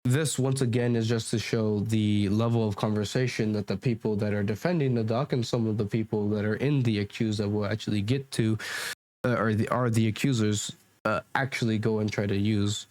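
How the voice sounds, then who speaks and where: This YouTuber talks a little fast in a lowish, darkish voice with a steady tone, recorded dry on a desk mic at home. He rambles defensively and argumentatively while responding to comments, full of restarts and fillers.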